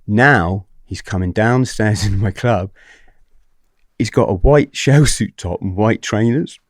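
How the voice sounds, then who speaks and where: A man's voice: lowish voice, takes it slowly, dry recording, clean studio sound. A man in his forties telling a story as a podcast guest, acting out what other people said, swearing and laughing often.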